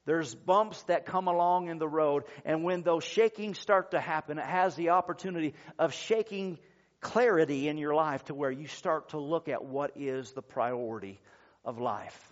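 A male pastor delivers a sermon in an earnest, measured storytelling tone, lingering on pauses. His voice sits a touch high for a man. The recording is dull and lo-fi. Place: church service.

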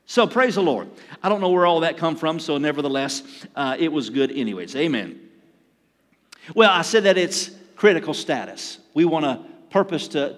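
Older man, pastor preaching, high voice, long church-hall reverb. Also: fairly bright tone. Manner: conversational preaching with acted asides and chuckles. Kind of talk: sermon. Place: church sanctuary.

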